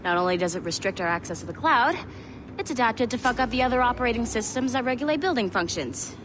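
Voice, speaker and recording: An actress playing a sharp-tongued, sarcastic female tech agent in a video game, with steady ambient noise behind. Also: on the high side, lightly acted. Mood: brisk. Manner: brisk, sarcastic.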